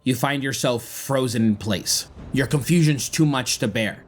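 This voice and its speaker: A man's voice: mid-range voice, normal speed, slight background noise. A man narrating a tabletop game as game master, describing the scene dramatically.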